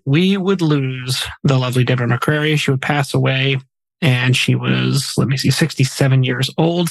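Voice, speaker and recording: A man's voice: medium pitch, creaky, dry recording, poor audio. A man hosting a podcast, casually reading out memorial facts with light jokes mixed in. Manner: reads facts in a chatty way with small jokes. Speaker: podcast host.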